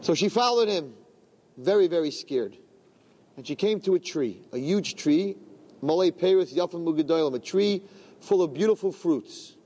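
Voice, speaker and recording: A man's voice: fairly high pitch, lively intonation, moderate pace, mellow. A man telling a religious story to a gathering, often repeating phrases and glossing Hebrew terms in English. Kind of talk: storytelling talk.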